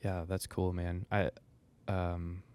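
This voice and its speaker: A man co-hosting a church podcast, reflecting thoughtfully in a halting, unhurried way. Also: low voice, level tone, a little mellow, clear, resonant tone. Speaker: podcast co-host. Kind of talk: casual reflective chat.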